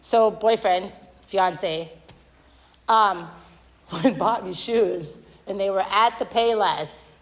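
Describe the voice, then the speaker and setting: A woman's voice: mid-range voice, takes it slowly. Woman telling her recovery story at a podium, lots of ums, echo from a big hall. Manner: candid, self-deprecating storytelling; rambling with many fillers. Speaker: AA speaker. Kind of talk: recovery meeting share. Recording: long hall reverb.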